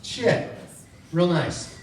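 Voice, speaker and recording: A man's voice: fairly high pitch, animated, drawn-out words. Profane man doing stand-up in an echoey club. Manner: loose, profane, storytelling. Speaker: stand-up comedian. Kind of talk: stand-up comedy set. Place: comedy club stage. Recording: echoey club from far off with crowd. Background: audience laughter.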